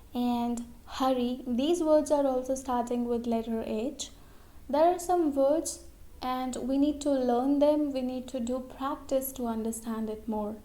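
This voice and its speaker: With a high voice that carries a dark tone, a woman teaches English pronunciation slowly and deliberately. She repeats every example word twice and asks "okay?" as she goes through her explanations.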